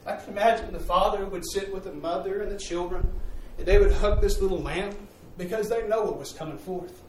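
A male preacher tells a vivid story and calls out for responses from the congregation. His voice sits high for a man. It carries through a roomy hall, picked up from a distance. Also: brisk, slight background noise. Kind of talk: sermon.

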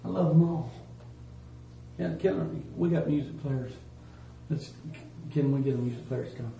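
Folksy preacher in a roomy church. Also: male voice, a little high, moderate pace, gravelly, a little hiss or hum. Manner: folksy, emphatic, swings from loud to hushed. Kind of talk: sermon. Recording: roomy church sound from a distance.

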